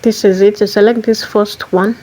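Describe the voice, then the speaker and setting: A woman's voice: mid-range voice, fairly even intonation, moderate pace, noisy background. A woman hosting a screen tutorial, walking through each step methodically and repeating key phrases as she goes. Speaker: tutorial host.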